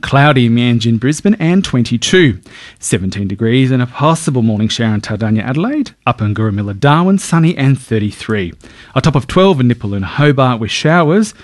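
Male newsreader, lively pitch, dry studio sound. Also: fairly quick, dry recording. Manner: crisp read bulletin with lively pitch. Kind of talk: read news and weather.

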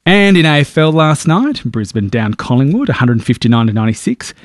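A man with an Australian accent reads the sports and weather news on air. His pitch moves in a lively way, and the studio sound is close and dry. He keeps a steady, practised newsreader cadence. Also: a little fast, no room sound. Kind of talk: read radio news bulletin. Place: radio studio.

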